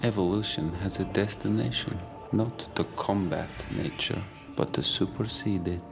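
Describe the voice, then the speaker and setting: Earnest visionary scientist, very deep voice, gravelly edge, steady delivery. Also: male voice, moderate pace, over music.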